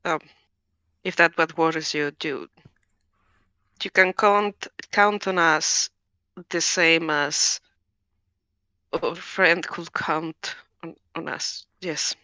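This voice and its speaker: A woman voicing Angustias, a gentle, hesitant adventurer who reassures others haltingly, full of ums. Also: low voice, steady tone, clear, resonant tone, dry recording, voice pushed down, heavily acted. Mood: gentle reassuring.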